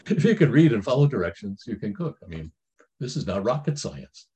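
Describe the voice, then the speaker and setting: Middle-aged guy giving church family advice, folksy and rambling, lots of restarts, average pitch. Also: sing-song, a little fast, warm tone. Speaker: speaker giving Christian family counsel. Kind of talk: informal spiritual talk, commenting on a reading.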